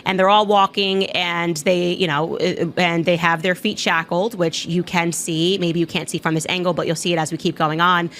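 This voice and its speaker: A woman's voice: on the low side, fairly even intonation, normal speed, fairly bright tone. A woman hosting a commentary podcast, talking casually and sarcastically with lots of filler words. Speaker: podcast host. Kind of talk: political commentary.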